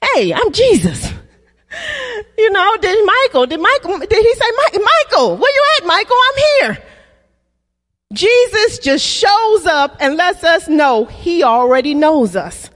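A woman preaching a sermon to a congregation, leading call-and-response and repeating key lines. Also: high-pitched. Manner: acts out playful voices in quoted dialogue. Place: church. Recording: long reverb of a church hall.

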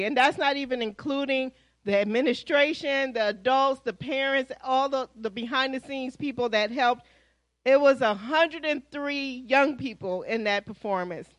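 A woman's voice: high voice, dry recording, rough recording. Chatty woman pastor making announcements. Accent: American. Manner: lively, chatty, addresses congregation as y'all. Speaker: pastor giving church announcements. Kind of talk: church announcements. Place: church sanctuary.

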